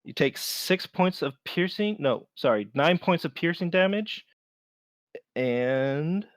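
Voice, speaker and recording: A man narrating as game master of a tabletop game, relaxed and unhurried, with many fillers. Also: a little high, no room sound, studio quality.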